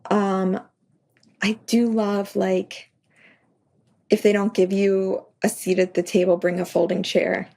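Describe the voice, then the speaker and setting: A woman's voice: medium pitch, little pitch movement, slow pace, vocal fry, long pauses, warm tone. A woman being interviewed as a guest author on a podcast, talking casually and chattily with lots of "like" and acting out little scenes from her own stories. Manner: chatty, full of "like", acts out her own anecdotes.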